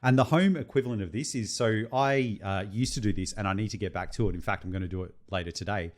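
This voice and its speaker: A man's voice: on the low side, quick pace. A young adult man, co-hosting a casual podcast chat and laughing often as he tells stories. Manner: animated, laughs often while telling jokes. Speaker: podcast co-host.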